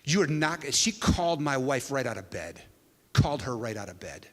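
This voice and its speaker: A man preaching a sermon to a church, telling a story with an animated delivery that swings from hushed to loud. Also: mid-range voice, moderate pace. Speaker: pastor. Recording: long hall reverb.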